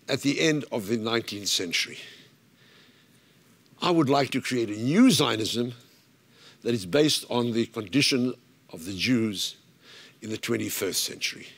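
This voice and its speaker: A man's voice: mid-range voice, fairly bright tone. Earnest man at a conference panel. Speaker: panel speaker. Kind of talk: conference talk. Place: conference room.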